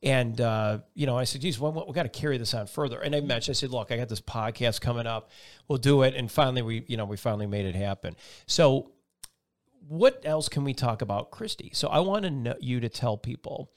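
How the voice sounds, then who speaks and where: Fast-talking, rambling male podcast host. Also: medium pitch, expressive. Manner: rambling, eager, restarts often. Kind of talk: casual interview chat.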